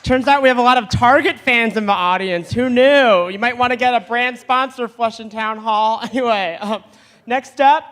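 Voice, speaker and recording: A man's voice: very high-pitched, normal speed, a bit bright. A man hosting a live comedy show, introducing the next act with upbeat banter, heard from a distant mic in a hall. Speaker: show host. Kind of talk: introducing acts.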